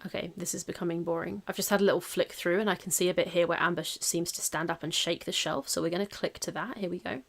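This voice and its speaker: Woman vlogger, snarky and chatty; low, gravelly, fast delivery. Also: fairly even intonation. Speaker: video creator. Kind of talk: casual vlog commentary.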